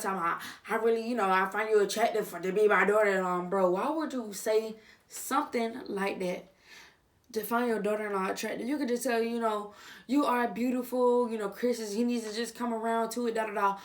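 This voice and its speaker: A woman vlogger giving casual reaction commentary on a reality TV show. She talks straight to her viewers in slang, dropping to quiet asides and then rising to loud outbursts. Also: mid-range voice.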